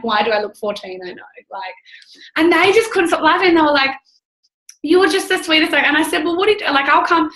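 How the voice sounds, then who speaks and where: Young woman in her twenties, effusive and chatty, bright forward tone, echoey room. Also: high voice. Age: 20s. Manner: bubbly, effusive, acts out quoted talk. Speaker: guest entrepreneur. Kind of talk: casual call chat.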